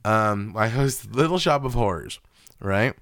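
A man's voice: fairly low pitch, lively intonation, a little slow, a bit bright, dry recording, clean studio sound. A man co-hosting a podcast, telling stories in casual chat, swearing freely and acting out the voices of the people in them. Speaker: podcast co-host.

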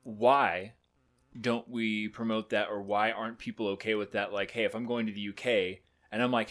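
A man co-hosting a casual podcast, sleep-deprived and rambling in energetic rants full of fillers. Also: fairly low pitch, moderate pace. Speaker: podcast co-host.

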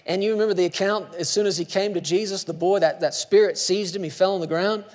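A man with a high-pitched voice preaches a sermon in a church sanctuary, swinging from hushed lines to sudden shouts. His voice rings with the long reverb of a large hall. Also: steady tone, fast talker, hardly any pauses. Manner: emphatic, dramatic swings between hushed and shouted. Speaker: pastor.

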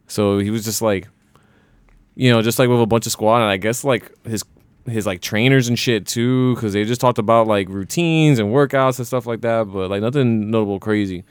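A man's voice: lowish voice, normal speed, smooth, no room sound. A young man telling a laid-back, slangy story in a casual podcast chat.

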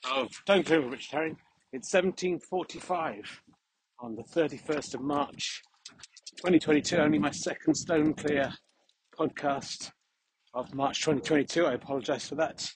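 A slightly high-voiced man talks while out walking in a cold, windy field. He is breathing heavily, and he rambles in a deadpan, mock-serious, self-deprecating way. Faint wind and a dog can be heard behind him. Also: normal speed. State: a little unwell. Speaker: podcast host. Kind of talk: rambling outdoor monologue.

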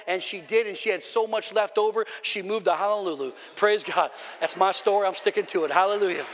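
Brief: male preacher, high voice, emphatic repeating sermon delivery, echoing church hall. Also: fast talker, few pauses. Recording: long hall reverb.

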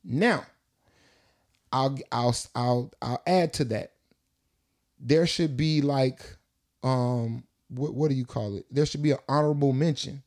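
A man co-hosting a podcast in casual chat, telling animated, slangy stories. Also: medium pitch, unhurried, long pauses. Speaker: podcast co-host.

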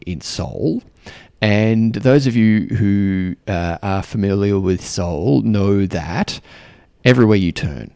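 A man's voice: sits low, gravelly, a little mellow, no room sound. An Australian man telling a story in a chatty podcast style, with lots of ums and likes, sometimes acting out other people's lines. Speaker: podcast host. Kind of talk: casual storytelling.

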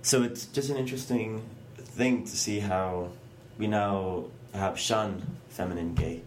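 A man co-hosting a podcast in casual chat, speaking in a measured, thoughtful way and raising questions. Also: lowish voice, slight background noise. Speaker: podcast co-host.

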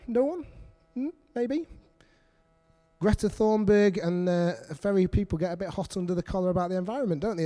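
A man's voice: high voice, dark tone. A middle-aged man preaching a sermon, earnest and repetitive, putting questions to the congregation.

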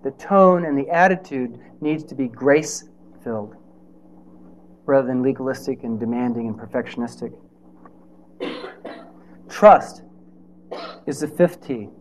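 A man's voice: mid-range voice, measured pace, pauses often. A man preaching a sermon in a conversational way, with rhetorical questions and playful asides.

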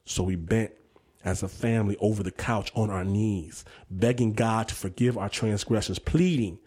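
A man's voice: on the low side, darkish tone, breathy edge. A man hosting a radio story show and telling a vivid, dramatic personal story. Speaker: host and storyteller.

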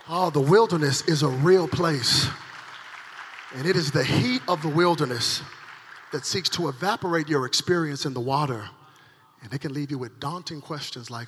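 A male pastor preaching a dramatic sermon at a conference, swinging between loud acted cries and hushed, intense passages. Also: mid-range voice, animated, a little fast, slightly rough. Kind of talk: energetic sermon. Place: large conference hall. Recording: live sermon with hall reverb and faint music.

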